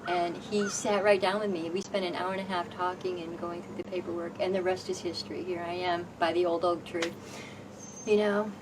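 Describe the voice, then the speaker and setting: Expressive woman storyteller, recorded from afar. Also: fairly low pitch, fairly quick. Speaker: housing program homeowner. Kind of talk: personal storytelling. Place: outdoors on a porch. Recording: distant mic with background noise.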